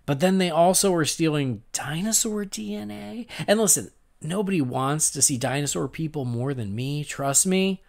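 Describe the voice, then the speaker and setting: A male podcast host chatting casually about an episode, animated and prone to laughing. He acts out his own reactions as he goes, his voice climbing and dropping across a wide range. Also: fairly high pitch, moderate pace, creaky. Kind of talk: casual chat.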